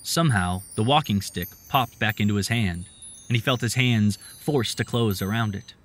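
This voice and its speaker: A man reading a story aloud in a steady, measured narration. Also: lowish voice.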